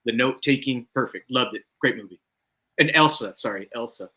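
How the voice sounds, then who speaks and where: A man's voice: mid-range voice, moderate pace, sharp tone. A man on a casual movie podcast panel, blunt and casual, swearing now and then. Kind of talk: casual movie review chat.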